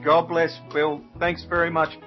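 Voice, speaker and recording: A man's voice: fairly high pitch, little pitch movement, unhurried, faint music behind. A male host in a casual interview, friendly and a bit hesitant with fillers. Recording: dull lo-fi line.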